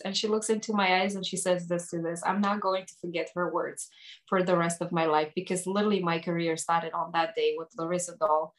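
A woman who works as a hair educator, telling a personal story in conversation with lively delivery, frequent restarts and many "like" fillers. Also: on the low side, fairly quick, reverberant.

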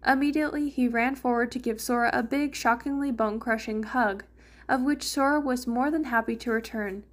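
A woman's voice: a little high, brisk. A woman reading fan fiction aloud in a casual way, with a few small slips.

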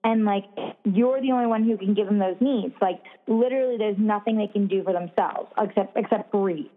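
A young woman talks in a loose, rambling way, packing her sentences with "like" and the odd swear word. Her voice sits at an ordinary middle pitch. The sound is narrow and thin, as if heard over a phone. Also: fairly quick. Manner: rambling, full of "like", swears freely. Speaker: podcast co-host, new mother. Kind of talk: casual chat.

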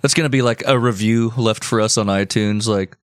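A man's voice: on the low side, brisk, clear, resonant tone, dry recording, studio quality. A man co-hosting a comedy podcast, trading sarcastic, mocking quips in casual banter. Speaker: podcast co-host.

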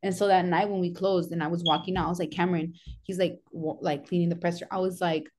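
A young woman with a slightly low voice, chatting casually as a podcast guest. She talks bluntly and tells stories, drops in a curse now and then, and switches into Spanish phrases mid-sentence. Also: little pitch movement, fast, few pauses, a little mellow.

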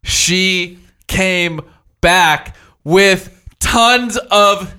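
A young man recounting a story in casual chat, animated and quick to jump in. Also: high-pitched, clear, resonant tone.

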